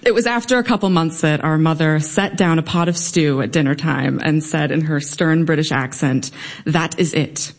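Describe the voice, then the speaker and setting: A young woman telling a humorous personal story on stage before a live audience, in a wry, lively way. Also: sits low, normal speed, few pauses. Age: young adult.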